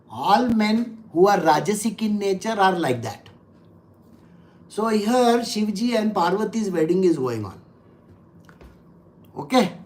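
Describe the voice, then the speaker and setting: A spiritual teacher, giving a conversational scripture talk full of stories and rhetorical questions to the listeners. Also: medium pitch. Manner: laughs while telling anecdotes.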